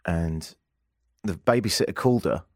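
A man hosting a radio talk show, telling a story in a casual, animated way and acting out the people in it. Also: deep voice, moderate pace, no room sound, clean studio sound. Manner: animated storyteller, acts out quoted voices. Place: radio studio.

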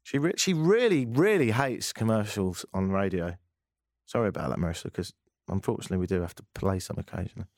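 A man hosting a radio talk show, reading listener texts with wry, animated commentary. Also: on the low side, quick pace, dry recording, clean studio sound. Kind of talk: casual radio call-in chat.

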